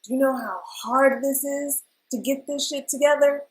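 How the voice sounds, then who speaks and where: A woman's voice: high-pitched, fairly even intonation, moderate pace, low-quality recording. A woman in her thirties giving a casual weekly tarot reading, chatty and emotional, often calling her viewers "y'all". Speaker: tarot reader.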